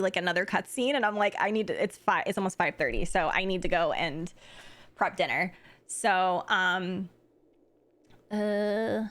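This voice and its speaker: A woman's voice: medium pitch, a bit bright. A woman streaming a game live, chatting casually and thinking aloud with lots of fillers.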